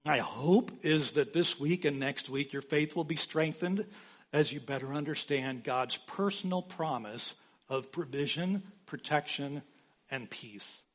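A man preaching a sermon as pastor, slow and emphatic, repeating key phrases for weight. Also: on the high side.

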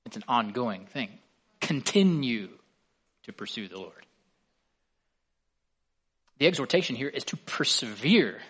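A man delivering a sermon in an earnest pastoral voice of middle pitch. He leans hard into key words and lets them swell, then drops back to a calm, even teaching tone.

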